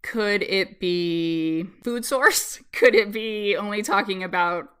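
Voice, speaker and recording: A woman's voice: medium pitch, slow pace, fairly bright tone, clear, resonant tone. A woman interviewed on a podcast, explaining child language in a chatty way with lots of ums and likes and laughs between points. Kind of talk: casual explanatory chat.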